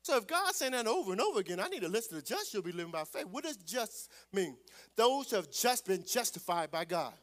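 A man preaching a sermon as pastor, calling out to the congregation and swelling loud on scripture. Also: high-pitched, big pitch swings, a little fast.

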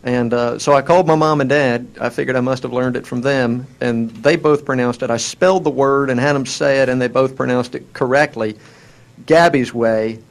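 A man's voice: medium pitch, fairly even intonation, normal speed, vocal fry. A man with a Southern American accent, co-hosting a casual chat in a wry, self-mocking way with frequent restarts. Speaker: co-host.

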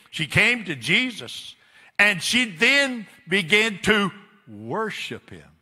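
A man's voice: sits high, pushed and bright. A man preaching a sermon in a church, emphatic and repetitive, turning often to question the congregation. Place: church sanctuary. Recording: echoey church hall.

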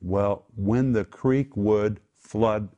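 A man's voice: lowish voice, steady tone, extremely slow, warm tone, dull audio. A man preaching in an emphatic sermon style, explaining scripture and rising sharply on key words. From United States. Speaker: pastor. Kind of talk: sermon-style Bible teaching.

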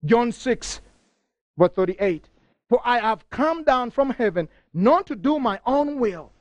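A middle-aged man preaching a fervent sermon, reading scripture aloud and rising to near shouting. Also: extremely high pitch, dry recording. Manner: reads scripture passages aloud.

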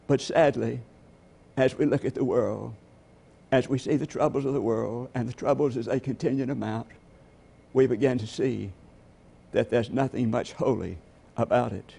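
A man delivers a sermon from the pulpit, weaving stories together with rhetorical questions aimed at the congregation. His voice is gravelly and a little husky. The overall tone sits dark and mellow. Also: medium pitch, steady tone, normal speed. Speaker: pastor.

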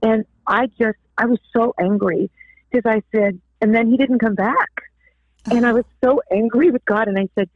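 A woman's voice: fairly high pitch, normal speed, no echo. Woman, earnest heartfelt testimony, tinny phone-line sound, dry. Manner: earnest, tearful at times. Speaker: guest author. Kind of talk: emotional personal testimony.

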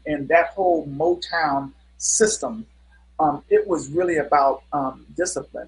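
A man's voice: a little high, rough recording. A middle-aged man, a guest musician, telling stories in a casual interview with an earnest manner and many fillers.

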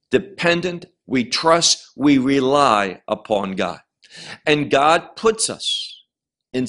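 A man giving a Bible lecture as its teacher, stressing key words slowly and emphatically, often restarting and repeating words as he explains. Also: mid-range voice, a bit bright.

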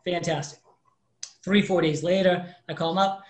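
A man's voice: high voice, moderate pace. A man in his fifties, a mortgage professional, telling a story in an interview and acting out the people in it. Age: 50s. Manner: animated storyteller acting out quoted dialogue. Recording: roomy echo.

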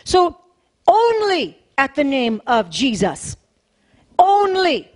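A woman pastor delivers a sermon to her congregation in a notably high voice. She talks in an easy, conversational way but leans hard on each point, repeating key phrases again and again. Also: big pitch swings, takes it slowly, darkish tone. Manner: emphatic and repetitive, conversational preaching.

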